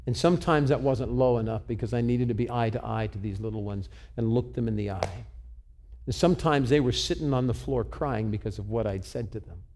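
Older guy preaching, earnest personal stories, stumbles and repeats words, middle pitch. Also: brisk, a little mellow, a little hiss or hum. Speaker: pastor. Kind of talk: sermon storytelling.

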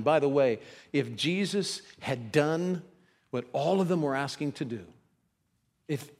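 A man preaching a sermon as pastor, acting out quoted voices with big pitch swings. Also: husky, big-room sound.

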